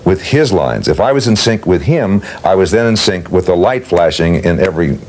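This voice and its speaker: A man's voice: low-pitched, lively intonation, normal speed, darkish tone. An older man telling anecdotes about his voice work in an interview, at an easy storyteller's pace. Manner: leisurely anecdotal telling, acts out quotes. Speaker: interviewee recalling work as a voice actor.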